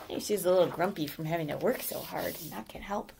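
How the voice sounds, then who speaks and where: A woman reading a children's story aloud gently, pausing to ask the listener questions. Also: fairly low pitch, gravelly, slight background noise.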